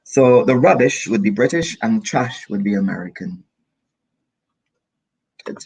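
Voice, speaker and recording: A man from the Caribbean teaching an online English lesson, lively and encouraging, repeating key phrases for his student. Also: lowish voice, a little slow, creaky, pauses often, breathy edge.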